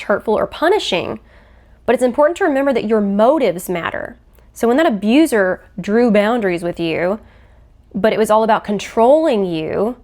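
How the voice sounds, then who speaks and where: A woman hosting a faith-based podcast, teaching in an earnest, explanatory way and acting out quoted phrases. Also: a little high. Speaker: podcast host.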